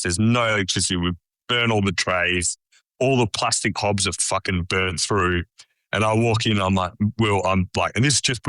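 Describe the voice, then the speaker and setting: An Australian chef appears as a podcast guest, telling a story in a casual chat, swearing freely and acting out the dialogue in an animated anecdote. His voice is fairly low, and the recording has no room sound.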